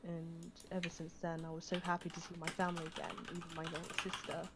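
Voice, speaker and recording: A woman's voice: fairly low pitch, monotone. A woman speaking in character as a tabletop game player, tearful and hesitant, stopping and restarting her sentences. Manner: halting and hesitant, many restarts. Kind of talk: in-character roleplay. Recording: keyboard typing noise.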